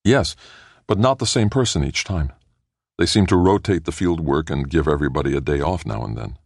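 A man voicing an earnest, soft-spoken astronaut in an audiobook. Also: extremely low pitch, lively intonation, a little fast, gravelly, husky, no echo, clean studio sound, exaggerated voice. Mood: cheerful. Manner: earnest, hushed. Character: man, an astronaut making first contact with aliens. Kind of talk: audiobook character voice.

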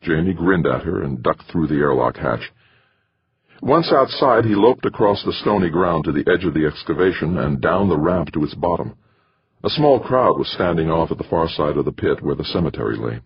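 A man reading a novel aloud as an audiobook narrator, in expressive storytelling. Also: sits low, normal speed, breathy edge, dull audio. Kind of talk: scripted narration.

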